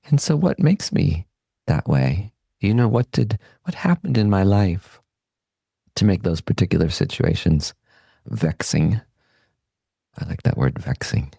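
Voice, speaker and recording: Low gravelly male voice, mellow and unhurried; a meditation teacher reflecting calmly. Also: dry recording. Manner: calm, unhurried, gently reflective. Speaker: podcast host and meditation teacher. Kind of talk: reflective Buddhist teaching talk.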